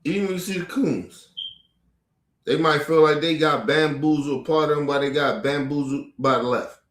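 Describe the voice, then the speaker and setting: A man's voice: fairly high pitch, normal speed, a bit bright, roomy sound. A man hosting a commentary show, ranting angrily and profanely at clips with mocking rhetorical questions. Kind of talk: profane angry reaction rant.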